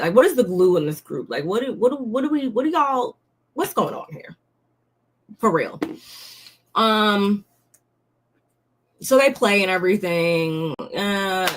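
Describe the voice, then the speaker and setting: A woman's voice: on the low side, fairly bright tone. A young woman giving a casual, blunt recap of a reality show, talking in slang and often sounding fed up. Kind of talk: casual commentary.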